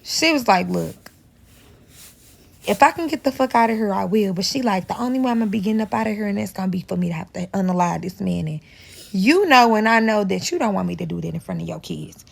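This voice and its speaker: A woman with a St. tells a dramatic personal story in a casual, animated way. Her voice has a gravelly fry, sits at an ordinary middle pitch, and she curses freely while acting out every quoted line. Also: fast. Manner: animated, profane, acts out quoted dialogue.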